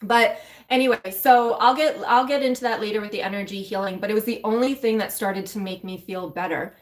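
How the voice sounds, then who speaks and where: In a mid-range voice at a fairly quick pace, the coach and mentor for women talks candidly about her life to live-stream viewers, emotional and loosely conversational as she addresses them directly.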